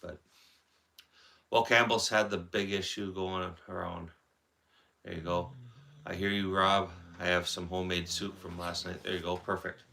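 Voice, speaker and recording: A man's voice: low-pitched, level tone, normal speed, gravelly, pauses often, bright, forceful tone. A man from Wisconsin with a Wisconsin accent, congested and with a sore throat, chatting casually on a livestream and reading out viewer comments. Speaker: livestream host. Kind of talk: casual live-stream chat.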